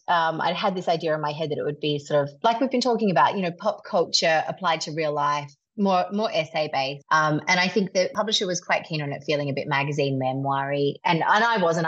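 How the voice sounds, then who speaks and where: Low-voiced Australian woman, lively chat. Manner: animated, laughs often, stretches words for emphasis. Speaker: magazine editor guest. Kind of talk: podcast interview chat. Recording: slightly dull lo-fi sound.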